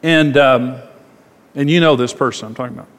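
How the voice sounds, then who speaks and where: A man's voice: medium pitch, steady tone, fairly quick, in a large hall. A man preaching a sermon as a pastor, talking conversationally, acting out quoted voices and repeating phrases.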